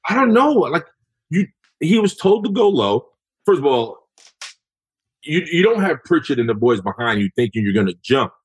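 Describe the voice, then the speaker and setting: A man, a former football lineman, telling stories in a casual podcast chat, animated and profane as he acts out the voices of other people. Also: on the high side, moderate pace, slightly rough, rough recording.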